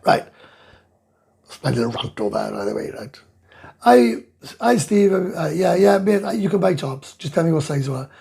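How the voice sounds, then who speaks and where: A middle-aged man from Wales hosts a casual live chat, reading viewer comments aloud and answering in a blunt, sweary rant. His gravelly, very husky voice is a little high and a little mellow, with lively intonation, a moderate pace and frequent pauses.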